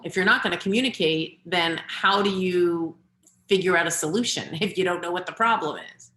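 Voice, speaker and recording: Over a video call, a middle-aged woman who coaches parents leads a webinar, earnestly advising and giving direct instructions. Her voice is lowish and fairly bright, and the room sounds echoey.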